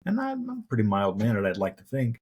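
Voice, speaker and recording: A man's voice: mid-range voice, wildly swooping pitch, a little fast, darkish tone, husky, rough recording. A middle-aged man, a guest on a podcast, telling career stories in an earnest, anecdotal way during a casual interview. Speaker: podcast guest, mortgage professional.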